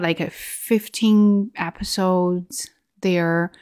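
A woman's voice: fairly low pitch, fairly even intonation, normal speed, no echo, studio quality. Reflective woman with a Chinese accent. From China. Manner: reflective, with frequent restarts and fillers. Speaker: video host. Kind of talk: casual vlog monologue.

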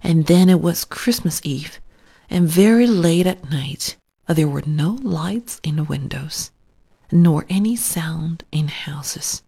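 Slow whispering woman storyteller. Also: sits low, lively intonation, vocal fry, slightly rough. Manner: soft, hushed and unhurried.

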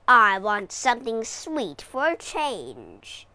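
A woman's voice: big pitch swings, slow pace, sharp tone, no room sound, heavily acted. A woman doing a snarling, greedy storybook dragon. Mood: demanding. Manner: snarling, threatening, low and gloating. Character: huge greedy scaly male dragon, menacing and sulky. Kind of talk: storybook reading.

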